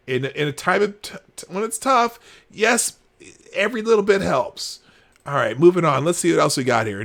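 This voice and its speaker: A man's voice: fairly high pitch, creaky. Exasperated sarcastic man ranting on stream. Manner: exasperated, sarcastic, swings between shouting and muttering. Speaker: livestream host. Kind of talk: reading posts aloud and ranting.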